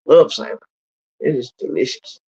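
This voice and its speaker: A man's voice: moderate pace, warm tone. A middle-aged man from Louisiana with a Southern accent, chatting casually on a livestream with many fillers and a drawl. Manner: rambling, drawling, heavy on fillers. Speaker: livestream co-host. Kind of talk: casual chat. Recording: lo-fi livestream audio.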